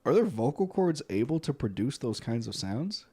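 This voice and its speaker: A man's voice: medium pitch, sing-song, normal speed, warm tone, breathy edge. A man co-hosting a podcast, reacting with jokes, swearing and laughter in casual chat. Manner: joking, swears, frequent laughs. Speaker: podcast co-host.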